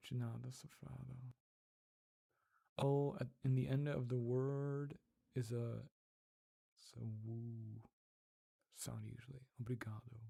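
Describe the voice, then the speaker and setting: Husky, gravelly man chatting on stream. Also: medium pitch, flat delivery, slow pace, long pauses, warm tone. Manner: laughs often, repeats words while trying out pronunciations. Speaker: streamer reading live chat. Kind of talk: casual livestream chat.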